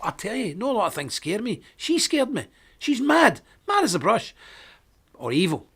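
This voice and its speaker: A middle-aged man speaks on a live-streamed show in a slightly higher-than-usual voice. He preaches forcefully and stresses his points in sudden, loud bursts. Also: wildly swooping pitch, normal speed, slightly rough. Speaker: host of a live web show.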